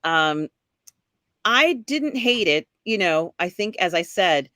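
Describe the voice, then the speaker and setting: Bright-voiced woman host, dry close mic, rambling and chatty. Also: lowish voice, big pitch swings, slow pace, dry recording. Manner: rambling, many fillers, laughs while talking. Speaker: podcast host. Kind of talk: casual live-stream chat.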